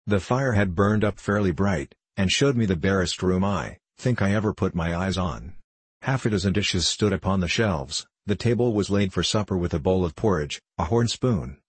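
A man reading a novel aloud as a steady, measured narrator. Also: deep voice, breathy edge, no room sound. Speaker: audiobook narrator. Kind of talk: scripted narration.

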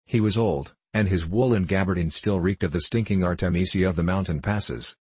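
A man doing measured, steady audiobook narration. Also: low voice, slightly rough, no room sound.

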